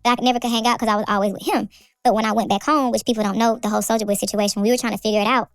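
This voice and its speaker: A woman telling a story in a lively chat, quick and animated, acting out the people in it. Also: on the high side, no room sound, studio quality, faint music behind. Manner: lively, quick, acts out voices in her story. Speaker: co-host telling her story.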